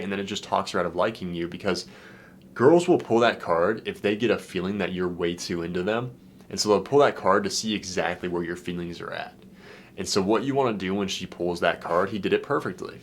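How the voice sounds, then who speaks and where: A young man, a dating coach, talking casually to camera in an excited, slangy way, swearing and saying "dude" a lot. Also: low-pitched, a little fast, a little hiss or hum. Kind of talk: casual vlog, reacting to a client's messages.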